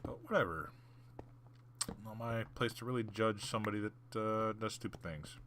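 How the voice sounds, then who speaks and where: The host of a gaming channel speaks at a normal speed in a lowish voice against a noisy background, casually telling a long story over gameplay. It's rambling, packed with fillers and restarts, plus the odd whispered aside.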